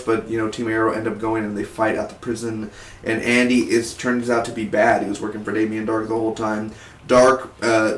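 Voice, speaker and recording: Young male TV reviewer, excitable and slangy, mid pitch, roomy echo. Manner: excitable, slangy, says "man" and "dude" a lot. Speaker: TV episode reviewer. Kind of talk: casual review vlog.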